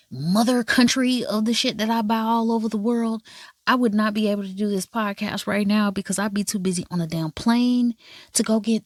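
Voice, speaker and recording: A woman's voice: mid-range voice, darkish tone, no echo, clean studio sound. A woman recapping a drama episode in casual chat, sassy and slangy, acting out the characters' lines. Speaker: drama reviewer.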